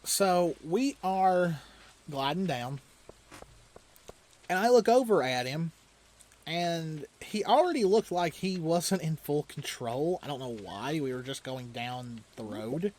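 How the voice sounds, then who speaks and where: A man's voice: fairly high pitch, animated, slow pace, a little mellow. A man hosting a let's play, casually telling a long story while he plays a video game, often chuckling and rambling with restarts. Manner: loose, rambling delivery with restarts.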